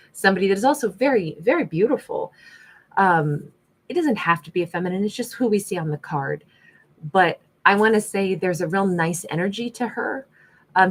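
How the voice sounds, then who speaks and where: A woman giving a casual tarot reading, chatty and rambling, with many fillers and restarts. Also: on the low side. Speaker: tarot reader.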